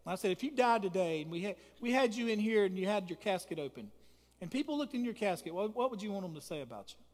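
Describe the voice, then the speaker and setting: A man preaching a sermon and leading prayer as pastor, emphatic and repetitive, building to loud peaks. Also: sits high, in a large hall. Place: church sanctuary.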